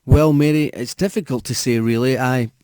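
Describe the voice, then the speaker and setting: A man's voice: medium pitch, moderate pace, darkish tone, smooth, no echo, natural voice. A man reading a horror audiobook, voicing a nervous young priest who speaks hesitantly and stumbles over his words. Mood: flustered. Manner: hesitant, stammering.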